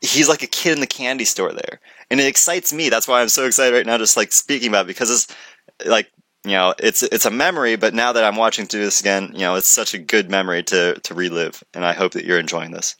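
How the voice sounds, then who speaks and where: A man commenting excitedly on a conference video, rambling with many restarts and jokes. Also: lowish voice, quick pace, no room sound.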